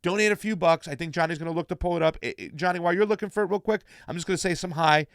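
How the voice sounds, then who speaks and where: A man's voice: sits high, very fast, clean tone, no room sound, clean studio sound. Chatty man hosting a live stream. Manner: chatty, reads viewer shout-outs. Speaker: political show host. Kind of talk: casual live-stream chat.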